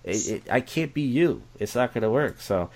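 A man's voice: medium pitch, lively intonation, normal speed, creaky, a little mellow. A man talking candidly in casual conversation, rambling and repeating himself, blunt and profane.

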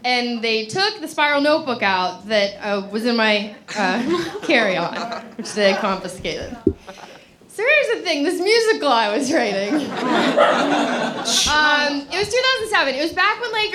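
A woman telling a funny personal story to a live audience in an animated, breathless way, often laughing as she acts out her own thoughts. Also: sits high, noisy background. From Los Angeles. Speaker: comedic storyteller.

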